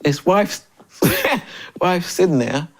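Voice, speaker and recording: An older man in his sixties from Memphis, a drummer and interview guest, telling stories in a lively way, often laughing and acting out other people's lines. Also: high voice, drawn-out words, creaky. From Memphis, USA. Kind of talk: casual storytelling interview.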